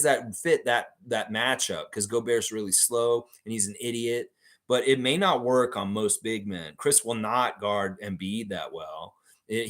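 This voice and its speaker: Fan stream guy reading chat, super animated pitch, swears a lot, talks loose and casual. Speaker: fan show host.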